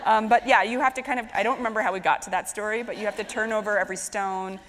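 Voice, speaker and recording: A woman's voice: medium pitch, fast talker. Chatty woman in her thirties onstage. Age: 30s. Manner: lively storyteller, filler-heavy. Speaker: host moderating a stage conversation. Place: stage of a live event in a hall. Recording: echoey hall with faint noise.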